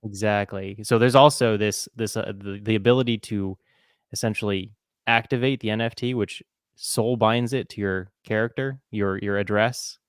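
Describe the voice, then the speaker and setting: A man's voice: on the low side, steady tone, normal speed, smooth, no room sound, clean studio sound. A man co-hosting a casual podcast roundtable, explaining things in an easygoing way. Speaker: podcast co-host.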